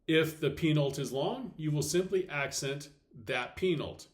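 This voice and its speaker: A man teaching a recorded slide lesson, explaining step by step, checking in with "okay" and saying example words slowly and deliberately. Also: a little high. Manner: clear step-by-step explaining with frequent okays. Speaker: Latin teacher.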